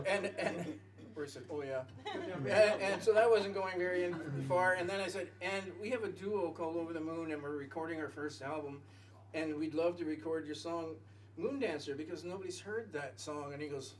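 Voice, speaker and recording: A man's voice: on the high side, normal speed, a little hiss or hum. A man telling a long, rambling story on stage between songs, stopping himself and laughing at his own jokes. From Canada. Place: small music venue with audience. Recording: live music venue, mic from a distance.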